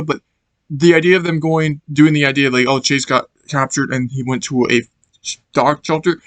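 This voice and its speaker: A man's voice: on the high side, fairly bright tone, no echo. A man casually reviewing a movie for his channel, rambling and searching for words as he laughs along.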